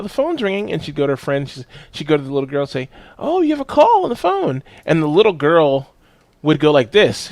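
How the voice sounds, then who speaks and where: A man's voice: a little high, no echo. A man hosting a podcast, telling stories with lots of swearing and acted-out quotes in casual chat. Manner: animated storyteller, swears a lot, acts out quotes. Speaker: podcast host.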